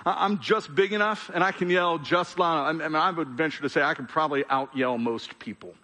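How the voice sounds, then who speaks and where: A middle-aged man preaching a sermon as pastor, conversational and earnest, often restarting words, swinging between emphatic raised passages and soft, quiet pleas. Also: a little high, a little fast. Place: large church hall. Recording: long hall reverb.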